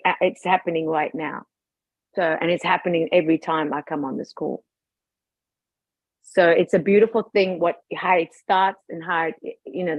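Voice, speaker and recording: A woman on a group video call, telling a personal story in a casual, animated way, laughing often and acting out her own past thoughts. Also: on the low side, no room sound, muffled recording. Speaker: participant sharing a testimony on a group call.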